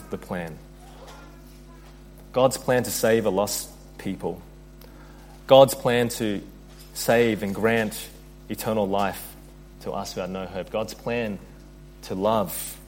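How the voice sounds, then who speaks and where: A man preaching a sermon in an earnest, steady voice. He reads scripture aloud and builds in intensity as he speaks. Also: on the low side, slight background noise. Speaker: pastor.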